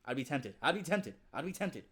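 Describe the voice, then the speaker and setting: A man's voice: a little high, big pitch swings, fairly quick, a bit bright, breathy edge. Rambling, foul-mouthed man reacting to a video. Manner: rambling, repeats himself, swears freely. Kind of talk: casual reaction commentary.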